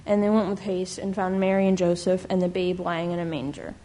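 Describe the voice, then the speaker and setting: Woman reading scripture, mellow and solemn. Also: fairly low pitch, little pitch movement, fairly quick. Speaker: scripture reader.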